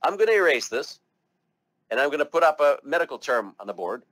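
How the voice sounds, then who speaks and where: A man's voice: fairly high pitch, very animated, brisk, fairly bright tone, no room sound. A man teaching medical terminology to a class, chatty and encouraging, coaxing students to try the words aloud. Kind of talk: classroom lecture.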